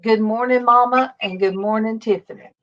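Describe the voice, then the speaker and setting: A woman's voice: a little high, steady tone, normal speed, fairly bright tone, highs cut off. A middle-aged woman hosting a casual livestream chat, reading viewer comments aloud and talking with her daughter. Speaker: host.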